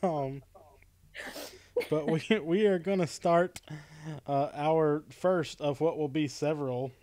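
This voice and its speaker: A man's voice: a little high, fairly even intonation, takes it slowly, dark tone, no echo. A man hosting a casual livestream chat, talkative and laughing often, with plenty of ums. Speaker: podcast host. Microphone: webcam stream setup.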